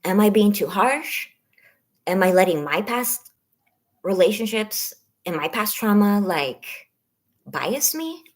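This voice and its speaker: A woman in her thirties on a personal live stream, talking haltingly and shakily as she holds back tears. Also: medium pitch, sing-song. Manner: shaky, halting, close to tears. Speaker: vlogger on a members-only live stream.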